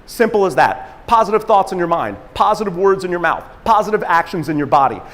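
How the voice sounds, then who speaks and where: A man giving an energetic motivational talk at a conference, acting out quotes and laughing at himself as he tells stories. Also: sits high, fairly quick, big-room sound. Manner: animated storyteller, acts out quotes, laughs at himself. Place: conference stage in a large hall.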